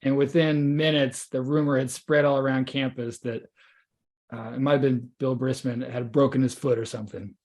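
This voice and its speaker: A man's voice: mid-range voice, flat delivery, moderate pace, darkish tone. A male interviewer asking curious questions, prompting with names and details from the story.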